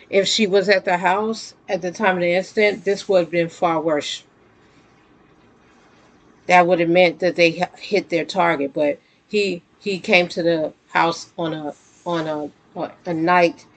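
A vlogger talking straight to viewers in casual spoken commentary, earnest and conversational, often restarting sentences and breaking into emphatic outbursts. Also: mid-range voice.

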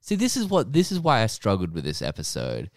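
A young man, co-hosting a podcast in casual chat, animated and teasing, often jumping up high when he laughs. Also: brisk, no room sound, clean studio sound. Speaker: podcast co-host.

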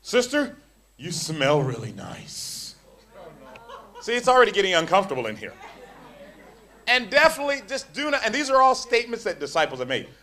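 A man preaching an animated, jokey sermon, often repeating words as he builds up. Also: extremely high pitch, fast talker.

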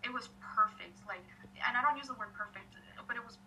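A young woman in casual conversation, telling an excited story packed with filler words and quoted lines. Her voice sits high and bright. She sounds somewhat distant from the mic, with a faint hiss underneath. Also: fairly quick. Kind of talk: casual chat.

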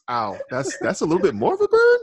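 A man's voice: high voice, wildly swooping pitch, moderate pace, crowd noise. A man co-hosting a podcast, teasing and joking in casual chat. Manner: teasing, laughing banter. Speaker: podcast co-host.

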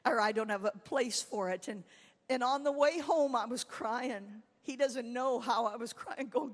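Woman, evangelist, sermon, storytelling, quiet to shouting, highish voice, reverberant hall. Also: measured pace. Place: church camp meeting hall.

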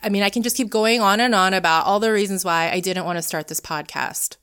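A woman's voice: mid-range voice, a little fast, a bit bright, smooth. Woman hosting a podcast solo, mid voice, earnest and encouraging, heartfelt motivational talk. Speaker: podcast host.

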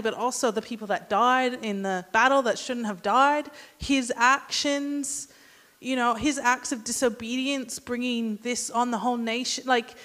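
Brief: woman, slightly high voice, chatty sermon delivery, long hall reverb. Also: a bit bright. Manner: casual, asks the congregation questions. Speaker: church speaker. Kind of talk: conversational sermon.

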